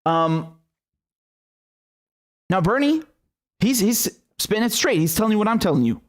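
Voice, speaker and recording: A man delivers political commentary in an angry, mocking rant, swearing freely as he goes. His voice sits fairly high for a man. He talks like a host speaking straight to his viewers. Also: lively intonation, normal speed. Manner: angry, sarcastic, profane, mocking.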